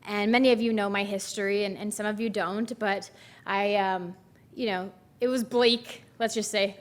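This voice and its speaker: A woman minister giving a Sunday talk in a rambling, chatty, self-deprecating way, speaking into a microphone in a church. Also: medium pitch. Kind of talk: sermon. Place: church sanctuary.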